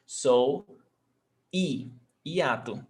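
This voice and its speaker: A man's voice: mid-range voice, very slow, a little mellow. A male Portuguese teacher giving an online lesson, patiently explaining grammar rules step by step and often checking that his student understands.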